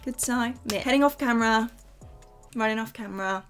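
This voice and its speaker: A woman's voice: a little high, moderate pace, soft background music. A woman talking casually through a makeup tutorial, chatty and bubbly as she speaks straight to her viewers. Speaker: beauty vlogger.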